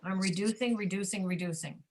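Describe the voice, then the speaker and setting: A woman's voice: medium pitch, fairly quick. A woman teaching a pronunciation class over a video call, demonstrating reduced speech and often checking that students understand.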